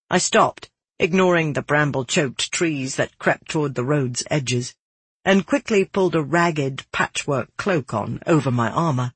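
Audiobook narrator, male, husky, slightly high, dry close sound, somber pacing. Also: fairly bright tone, no echo. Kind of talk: first-person fantasy narration.

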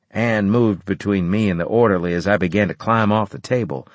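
A man narrating a first-person story in an expressive, storytelling way. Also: on the low side, a little fast, few pauses, dry recording. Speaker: audiobook narrator.

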